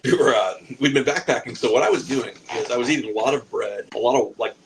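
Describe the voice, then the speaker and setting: Man, 40s, podcast storyteller: gravelly, profane, loose and rambling, laughs at his own lines. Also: mid-range voice, fast talker, noisy background. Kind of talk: casual comic anecdote.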